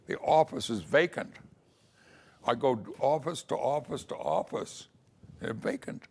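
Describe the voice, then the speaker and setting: A man's voice: medium pitch, gravelly. An older man recalling his early years as a lawyer in a casual, storytelling way. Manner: storytelling, acts out quoted voices. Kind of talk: casual spoken memoir.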